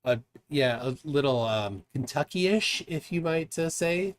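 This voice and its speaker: Animated, teasing male livestream host. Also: fairly high pitch, a little slow. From United States. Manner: teasing, laughing often. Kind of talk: casual livestream chat.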